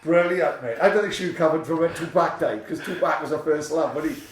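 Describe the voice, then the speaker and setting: A man's voice: fairly high pitch, a little fast, noisy background. A man co-hosting a podcast, telling rambling, sweary comic stories in casual chat. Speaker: podcast co-host. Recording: roomy, off-mic sound.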